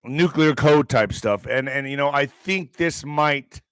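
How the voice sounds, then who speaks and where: Speaking a little slowly in a smooth, mid-range voice with a bit of brightness, a man reads news items on his online commentary show and veers into sarcastic, profane asides. The recording has no echo, though the audio is poor.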